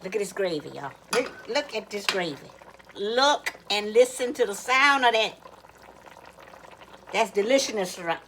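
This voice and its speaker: A woman's voice: mid-range voice, a bit bright, slight background noise, poor audio. A woman with a Louisiana Cajun accent hosting a casual home cooking vlog, chatty and folksy, always telling viewers to look. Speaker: cooking channel host. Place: home kitchen.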